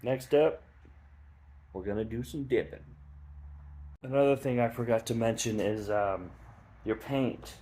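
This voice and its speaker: A man's voice: medium pitch, measured pace, pauses often. A man casually explaining a do-it-yourself hobby project, rambling a bit and joking at his own expense. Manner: relaxed, rambling, self-deprecating asides. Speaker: hobbyist demonstrating skull hydro dipping. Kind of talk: casual how-to tutorial.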